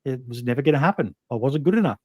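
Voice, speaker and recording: Male podcast host, middle pitch, blunt and profane, dry studio sound. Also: lively intonation, very fast, no room sound, muffled recording. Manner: blunt, swears freely, many ums. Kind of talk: casual interview chat.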